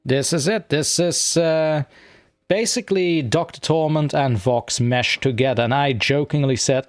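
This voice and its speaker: A man chatting casually on a live stream, rambling and poking fun at himself as he fumbles with his software. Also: a little high, a little slow, dry recording, studio quality. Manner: rambling, self-mocking, talks to himself while fiddling with software.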